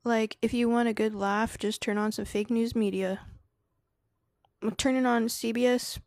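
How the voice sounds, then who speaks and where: A woman's voice: on the high side, steady tone, unhurried, a little mellow, dry recording. A woman hosting a casual live stream, slangy and laughing often as she answers chat and drifts into spiritual preaching. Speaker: livestream host.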